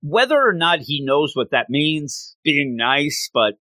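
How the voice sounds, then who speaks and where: A man co-hosting a podcast and telling a casual, joking recap of a cartoon episode like an animated storyteller. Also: on the high side, measured pace, dry recording. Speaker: podcast co-host.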